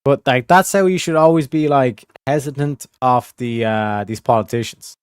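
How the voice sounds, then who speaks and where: A California man with a rural, Southern-edged accent curses and rambles through casual commentary, talking directly to his stream audience. His mid-range voice is clear and resonant at a normal speed, with clean studio sound and no echo.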